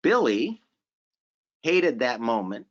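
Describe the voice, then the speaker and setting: Guy lecturing casually at a seminar, keeps repeating stuff for emphasis, middle pitch, kinda muffled audio. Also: big pitch swings, slow pace. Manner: informal, repeats phrases for emphasis, asks the audience questions. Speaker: seminar presenter. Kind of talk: conversational lecture. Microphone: remote conference audio. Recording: slightly dull audio from a virtual conference.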